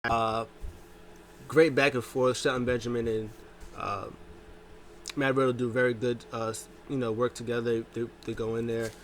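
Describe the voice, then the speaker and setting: A man casually recapping a wrestling show, telling it with lively jumps into quoted lines. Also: moderate pace, long pauses, slight background noise. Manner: animated retelling, jumps pitch to quote wrestlers.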